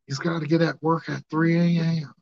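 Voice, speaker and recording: A man hosting a podcast, joking and rambling loudly in slangy, casual banter with his co-hosts. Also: fairly high pitch, little pitch movement, a little fast, creaky, dry recording. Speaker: podcast host. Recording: dull lo-fi podcast audio.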